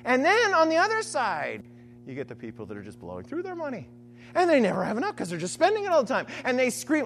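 A preacher teaching from scripture in a sermon, animated, often checking in with "right?" and acting out imagined voices. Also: medium pitch, brisk, a little hiss or hum. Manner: animated, keeps asking "right?". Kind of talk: sermon-style Bible teaching.

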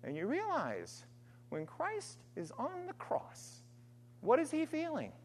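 A woman preaching a sermon, earnest and emphatic, alternating forceful stress with quiet, trailing phrases. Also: high-pitched, huge pitch swings, slow pace. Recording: long hall reverb.

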